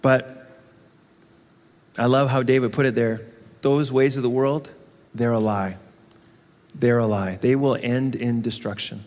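A man preaching a sermon as pastor, talking in a conversational, animated way and acting out little voices. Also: mid-range voice, a little slow, long pauses, big-room sound. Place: church sanctuary.

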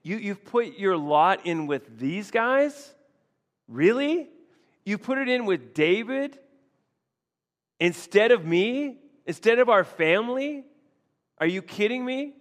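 A man putting on a jealous king who is barely holding his temper, his voice pitched a bit high and his disbelief spilling out. The words bounce in a long hall reverb. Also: moderate pace, few pauses, a bit bright, clean tone, natural voice. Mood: incredulous. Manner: exasperated, incredulous. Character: jealous, angry ancient king, middle-aged man.

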